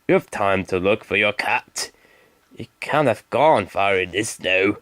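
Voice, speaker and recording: A man doing a steady railway guard in a children's storybook, his voice dropped lower and kept calm. He reassures a worried passenger with even, encouraging phrasing. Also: unhurried, no room sound. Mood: reassuring. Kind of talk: storybook reading.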